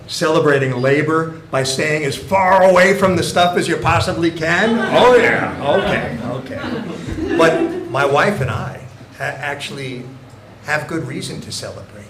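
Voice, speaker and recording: An older man tells his stand-up stories with mock innocence and a deadpan touch. His voice is fairly high and rings through a roomy club. The audience and room noise come through clearly. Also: a little slow. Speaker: stand-up comedian. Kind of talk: stand-up comedy. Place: comedy club stage.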